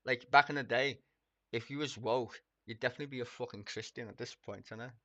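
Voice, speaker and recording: A man's voice: medium pitch, steady tone, fairly quick, pushed and bright, no room sound, highs cut off. A man streaming live, ranting casually and mockingly about the news, swearing often and laughing.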